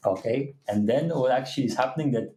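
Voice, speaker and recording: Echoey, halting man chatting on a livestream. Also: mid-range voice, dark tone. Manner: halting, with restarts, non-native phrasing. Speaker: co-host of a livestream. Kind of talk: casual livestream chat. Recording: echoey room.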